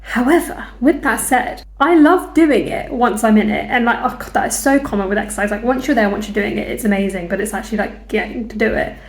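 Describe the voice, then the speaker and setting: Medium-pitched and chatty, a young fitness vlogger talks to camera about how her week went. She's self-deprecating and laughs at herself, speaking into a clip-on lapel mic held in her hand.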